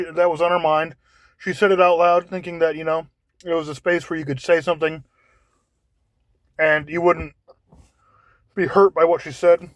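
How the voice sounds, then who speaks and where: Guy rambling casually, keeps restarting his words, kinda high voice, dry sound. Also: no echo. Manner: halting, repeats words while searching for phrasing. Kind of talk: casual monologue.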